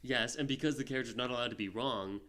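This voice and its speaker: A man's voice: medium pitch, quick pace, a loud crowd. A man co-hosting a film podcast in casual chat, rambling with lots of fillers and restarts. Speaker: podcast co-host.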